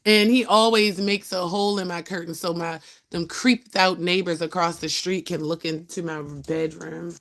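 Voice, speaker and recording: A woman's voice: fairly low pitch, fairly even intonation, normal speed, a bit bright, no echo, studio quality. A young woman, ranting casually on a phone livestream and scolding her cat. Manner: blunt, profane, talks to her cat and viewers.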